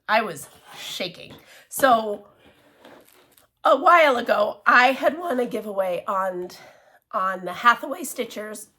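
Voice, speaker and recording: A woman chatting casually in a show-and-tell craft vlog, gushing and excitable, with many restarts and laughs. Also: a little high. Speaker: cross-stitch vlogger.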